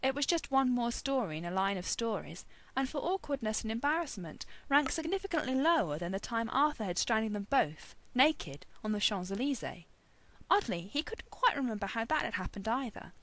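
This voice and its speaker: A woman reading a story aloud as narrator, expressive and wry. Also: on the high side, normal speed.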